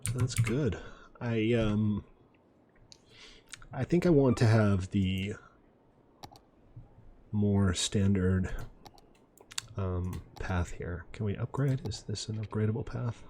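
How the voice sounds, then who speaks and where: Low-voiced man narrating his city-building game. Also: slow, long pauses, slight background noise. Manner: relaxed, self-deprecating, chatty asides. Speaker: gaming video host. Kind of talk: casual gameplay commentary. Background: faint mouse clicks and typing.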